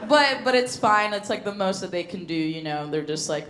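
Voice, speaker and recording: Deadpan comedian with sudden shrieks. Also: female voice, mid-range voice, moderate pace. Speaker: stand-up comedian. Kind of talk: surreal stand-up set. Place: comedy club stage. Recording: roomy club with audience noise.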